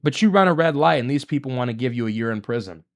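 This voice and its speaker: A man's voice: medium pitch, expressive, fast talker. A man hosting a solo political commentary show, talking in an indignant, emphatic way and piling up rhetorical questions.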